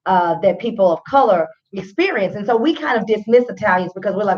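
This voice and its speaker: A woman's voice: fairly high pitch, lively intonation, a little fast, lo-fi sound. A woman hosting a radio talk show, giving chatty, opinionated commentary and speaking straight to her listeners. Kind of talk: casual commentary.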